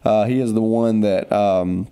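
A man's voice: lowish voice, steady tone, a little slow, warm tone, clean tone. A man, a pastor giving a casual, upbeat devotional talk on a podcast, teasing his co-host, then turning earnest.

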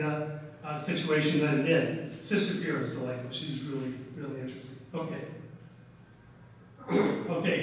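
An older man giving a casual slide lecture on history, telling stories with many "uh"s and "okay"s. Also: fairly high pitch. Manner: folksy storytelling with many "uh"s and "okay"s. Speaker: history presenter. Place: large echoey hall. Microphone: distant room mic. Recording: echoey hall recording from far off.

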